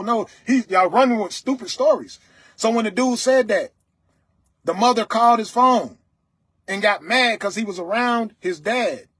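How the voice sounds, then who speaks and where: A man lectures his livestream audience in a loud, stern, preaching voice and keeps checking in with "you understand me?" His voice sits high for a man and has a husky grain. The sound is close and dry, with no room echo. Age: adult, father of several children. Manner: dialect grammar, repeated "you understand me?". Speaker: livestream host. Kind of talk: motivational talk to viewers.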